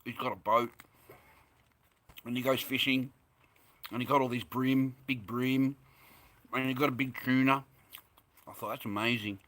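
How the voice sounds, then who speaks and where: A man's voice: medium pitch, fairly even intonation, a little slow, pauses often, a bit bright. A rambling, chatty man with an Australian accent, talking casually to his viewers and laughing easily. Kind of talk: casual chat to camera.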